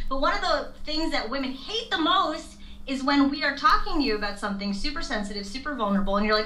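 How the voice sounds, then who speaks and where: A woman co-hosting a dating-advice talk show, animated and profane, acting out little quoted exchanges as she argues her point. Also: sits high, fast, echoey room, rough recording. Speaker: co-host. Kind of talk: casual chat.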